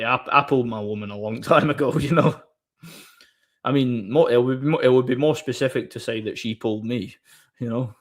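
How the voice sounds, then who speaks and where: A man hosting a live stream chats loosely and casually, rambling through his stories with frequent restarts. His banter is blunt and crude, and his voice sits at an ordinary middle pitch.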